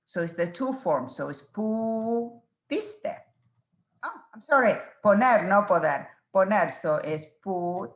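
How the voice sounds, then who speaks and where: Slow, patient woman teaching verbs. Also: mid-range voice, lively intonation, echoey room. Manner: slow, patient, spells out verb forms one by one. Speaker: Spanish teacher. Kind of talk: exam review lecture.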